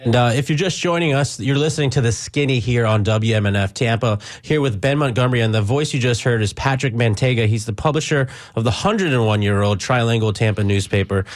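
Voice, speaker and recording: A man hosting a radio talk show, asking a guest long questions in a halting, conversational way. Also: mid-range voice. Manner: conversational, halting, many fillers. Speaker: radio host. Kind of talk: radio interview. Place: radio studio.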